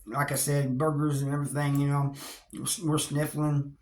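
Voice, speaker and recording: A vlogger recounting his prison experiences speaks at a normal speed in a voice on the high side, with a flat delivery. He's plainspoken and loose, using slang, wry chuckles, and lots of "you know," and the recording has a roomy echo.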